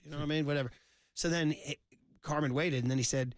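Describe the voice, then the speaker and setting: A man's voice: medium pitch, steady tone, quick pace, dry recording. Brief: middle-aged male sports radio host, storyteller, tight dry studio mic. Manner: chatty storyteller, teasing. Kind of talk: casual sports radio chat.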